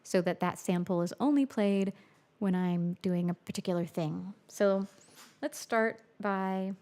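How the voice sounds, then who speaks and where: This woman musician has a dark-toned, medium-pitched voice and speaks at a measured pace. She's chatting casually on a livestream while producing in her studio, thinking aloud and reading comments from viewers.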